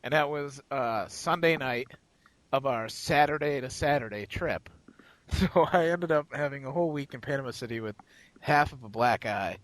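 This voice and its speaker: This man, co-hosting a podcast, speaks at normal speed with a medium, somewhat bright voice, captured in a dry, low-quality recording. He tells a meandering, foul-mouthed anecdote in casual conversation, voicing the other characters himself.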